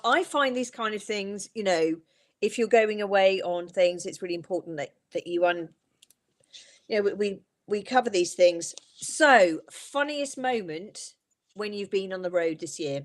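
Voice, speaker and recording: A woman's voice: medium pitch, moderate pace. A woman interviewing a guest in a casual, teasing chat. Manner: playful, teasing questions. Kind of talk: casual chat on a live stream.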